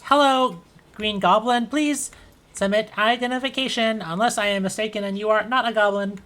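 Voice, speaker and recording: A woman's voice: medium pitch, steady tone, normal speed, fairly bright tone, voice pushed up, lightly acted. A woman voicing a formal, rule-bound robot doorman who talks in a stiff, officious, polite way.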